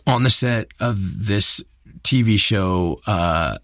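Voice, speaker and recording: Earnest low-voiced man, halting restarts. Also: fairly bright tone, dry recording, studio quality. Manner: earnest, halting, many restarts and repeated words. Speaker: actor, guest. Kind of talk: candid interview storytelling.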